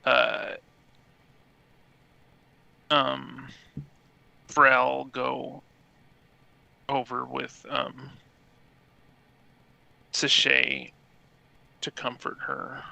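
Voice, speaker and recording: A man's voice: medium pitch, monotone, drawn-out words, gravelly, long pauses, bright, forceful tone, no room sound, low-quality recording. A man playing a tabletop game, hesitant and full of fillers. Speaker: player. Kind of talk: casual chat in a tabletop game.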